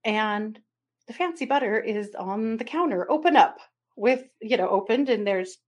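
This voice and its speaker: A woman's voice: on the high side, normal speed. A woman co-hosting a podcast, telling a family story in casual chat and often laughing and acting out what people said. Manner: animated storyteller, laughs often, acts out quotes. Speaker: podcast co-host.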